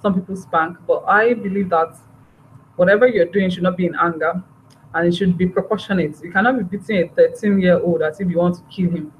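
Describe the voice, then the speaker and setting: Here a parenting trainer leads a workshop in a lowish voice, her intonation fairly even and her pace a little fast. She talks earnestly and goes back over her phrases repeatedly, captured on a dull, slightly noisy recording.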